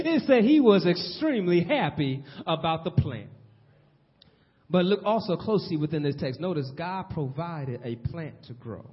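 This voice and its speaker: A man preaching a sermon in a church, swinging between loud and hushed delivery. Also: high voice, lively intonation, moderate pace. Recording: long hall reverb, dull lo-fi sound.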